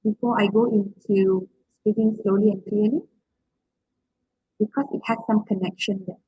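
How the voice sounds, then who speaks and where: A woman gives an interactive online lecture about public speaking in a medium-pitched, steady voice with a breathy edge, at normal speed. The lo-fi recording has no room sound, and she supportively poses questions to the class while padding with "okay" and "right."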